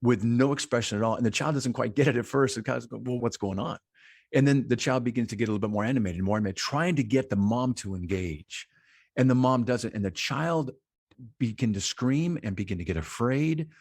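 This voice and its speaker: A man's voice: mid-range voice, a little fast, darkish tone, no room sound, studio quality. A man on a mental health podcast, explaining concepts at length in conversation and often posing rhetorical questions.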